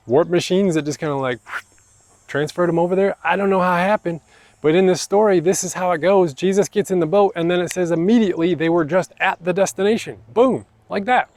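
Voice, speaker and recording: A man's voice: on the high side, brisk, a little mellow, dry recording. A man preaching a sermon as pastor, in a casual, conversational way with slangy asides. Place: church.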